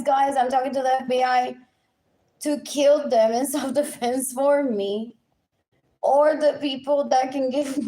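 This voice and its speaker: A woman rants on a live stream in a somewhat high voice. She repeats phrases in chanted lists and hops between languages mid-sentence. Her delivery stays agitated and insistent. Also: dark tone. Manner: switches between English and Spanish mid-sentence. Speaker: livestreamer. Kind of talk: unscripted live stream rant.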